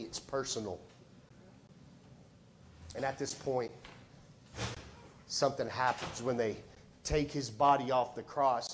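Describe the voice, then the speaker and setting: A middle-aged man preaching a sermon as a pastor, telling stories conversationally and swinging between quiet, low lines and loud, high ones. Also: a little hiss or hum. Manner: conversational storytelling with repeated words.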